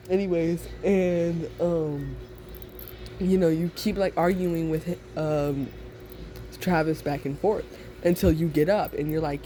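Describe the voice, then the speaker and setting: A man's voice: fairly high pitch, steady tone, unhurried, dark tone, slight background noise. A young man casually telling a second-person listener story, rambling and giggly, with many fillers.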